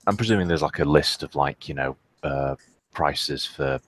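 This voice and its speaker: A man with a remarkably deep, husky voice narrates his character's moves in a tabletop game. He rambles and hesitates, looping back over his own words as he goes. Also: moderate pace, fairly bright tone, no room sound. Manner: rambling, full of fillers and restarts. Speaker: player. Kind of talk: tabletop role-play narration.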